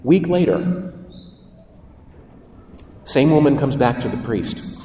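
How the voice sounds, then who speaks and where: A male priest preaching in a large church, his voice carrying a long reverb from a mic set well back. He tells lively stories and throws rhetorical questions to the congregation. His delivery is animated, pitched a little high for a man. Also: slow pace, a little hiss or hum. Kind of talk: sermon. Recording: echoey church from far off.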